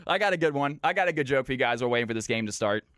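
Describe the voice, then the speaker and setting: A man's voice: medium pitch, lively intonation, very fast, fairly bright tone, no echo, studio quality. A young man streaming, telling jokes in a loose, rambling way. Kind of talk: casual joke-telling on stream.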